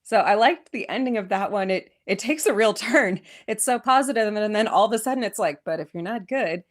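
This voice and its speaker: A woman's voice: mid-range voice, brisk. Chatty American woman with a West Coast accent. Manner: chatty, enthusiastic, with frequent restarts. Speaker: podcast host. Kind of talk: poetry reading and casual history chat. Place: lives in England.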